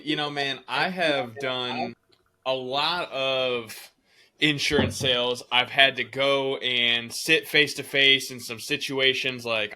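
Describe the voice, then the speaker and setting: A man's voice: mid-range voice, bright, forceful tone. A man hosting a casual podcast, reacting to his guest and talking about his own sales work. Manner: brief, encouraging reactions. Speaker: podcast host. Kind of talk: casual chat.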